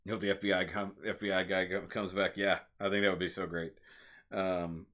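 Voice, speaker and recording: A man with a fairly low voice chats casually on a home live stream. He rambles and gets animated, then laughs at himself. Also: a little fast. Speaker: movie reviewer, channel host.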